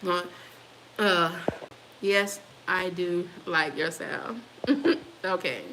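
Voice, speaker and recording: A woman's voice: on the low side, drawn-out words, background noise. A woman in her fifties hosting a casual livestream, reading viewer comments aloud and answering them with frequent laughter. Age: 50s. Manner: laughs often, talks back to commenters. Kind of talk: casual chat.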